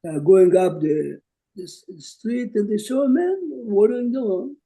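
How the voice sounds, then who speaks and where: A man's voice: sits high, lively intonation, moderate pace, mellow, low-quality recording. An older man from Jerusalem, a rabbi teaching an online class and telling stories in English sprinkled with Hebrew terms.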